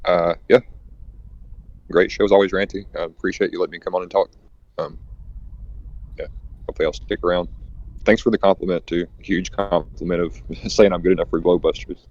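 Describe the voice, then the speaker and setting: A man's voice: low voice, steady tone, fairly quick, pauses often, darkish tone. A man calling in, thanking the host modestly with some hesitation. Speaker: caller. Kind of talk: casual call-in comment. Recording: dull lo-fi call.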